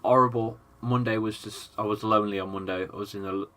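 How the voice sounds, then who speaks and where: An English man with a chesty, slightly rough voice gives a live football watchalong between coughs, reading chat and calling the play. His tone is bright and forward. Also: on the low side, fairly even intonation, brisk. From England. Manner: chatty, swears, reads chat aloud between play calls. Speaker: football fan streamer. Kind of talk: casual live watchalong commentary.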